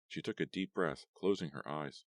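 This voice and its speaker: A man narrating a horror audiobook in a steady storytelling read. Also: extremely low pitch, moderate pace, no echo. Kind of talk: scripted narration.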